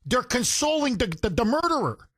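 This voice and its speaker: Male talk host, emphatic and indignant, animated delivery, dry close mic. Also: very high voice, normal speed, no echo. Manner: indignant, emphatic, mimics people in quotes. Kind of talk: opinionated talk radio commentary.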